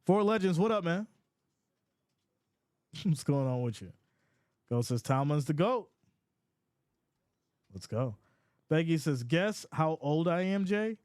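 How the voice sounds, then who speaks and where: A man hosting a casual live sports reaction stream, reading chat comments aloud in a playful, animated way. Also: on the high side, slow, pauses often, clean tone, no echo, studio quality. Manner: animated and playful, often laughs.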